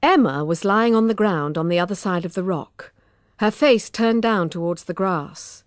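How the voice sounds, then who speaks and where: A woman with a British accent narrating a children's audiobook in an expressive, measured way on a close studio mic. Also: medium pitch, no echo.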